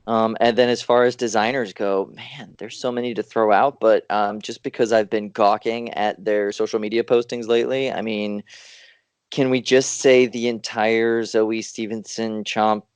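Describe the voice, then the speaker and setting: A man's voice: fairly low pitch, flat delivery, moderate pace, clear, resonant tone, no room sound. A man co-hosting a podcast, thinking aloud in an easygoing, casual way. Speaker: podcast co-host.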